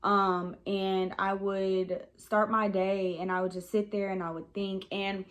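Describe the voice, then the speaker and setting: A woman's voice: medium pitch, flat delivery, unhurried, fairly bright tone, muffled recording. Frank young woman telling a story. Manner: rambling, frank, lots of "um" and "like". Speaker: vlogger. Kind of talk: casual storytime monologue.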